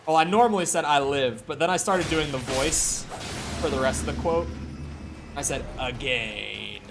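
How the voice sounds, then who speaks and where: A man's voice: a little high, brisk, background noise. A man chatting casually with viewers during a live gaming stream, rambling and swearing freely. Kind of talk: casual live-stream chat while playing.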